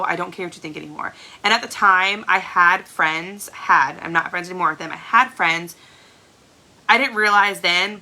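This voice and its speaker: A woman's voice: fairly low pitch, sharp tone, low-quality recording. A woman, telling her own story at a sales team training in a chatty, emphatic way full of "like". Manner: chatty, fillers "like", emphatic repeats. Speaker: Scentsy star director. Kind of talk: motivational personal story.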